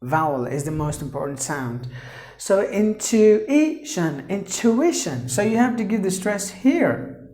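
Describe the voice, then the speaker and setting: A woman teaching English pronunciation in a slow lesson. She spells out letters and repeats each word several times. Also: deep voice, very animated, a little mellow. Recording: echoey room.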